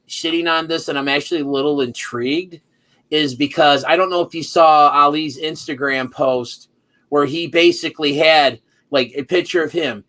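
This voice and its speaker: Rambling man with a slightly high voice. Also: fairly bright tone. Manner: rambling, many fillers and restarts; acts out quotes of wrestlers. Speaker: podcast co-host. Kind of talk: casual chat.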